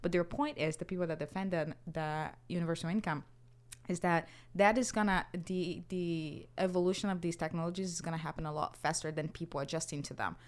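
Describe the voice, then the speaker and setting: A woman co-hosting a podcast, chatting casually and thinking out loud. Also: lowish voice, steady tone, brisk. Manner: chatty, thinks aloud with restarts. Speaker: podcast co-host. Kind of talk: casual chat.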